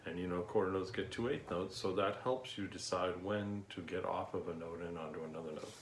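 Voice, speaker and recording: A man's voice: low voice, brisk, roomy sound, slight background noise. A male music teacher giving an online lesson, counting beats aloud patiently and checking in with "okay?".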